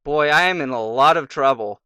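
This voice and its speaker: A man's voice: medium pitch, brisk, pushed and bright, clear, resonant tone, no room sound, clean studio sound. A young man casually commenting on his gameplay, rambling through a fairy tale between moves and muttering to himself. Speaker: let's play commentator.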